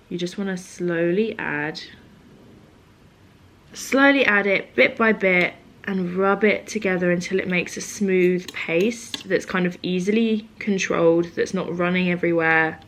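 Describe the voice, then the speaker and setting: A woman's voice: on the low side, a little slow. Chatty woman vlogging at home. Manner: chatty, self-mocking, lively storytelling with frequent laughs. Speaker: beauty vlogger. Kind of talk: casual vlog chat to camera. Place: home room at a table. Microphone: camera on a tripod.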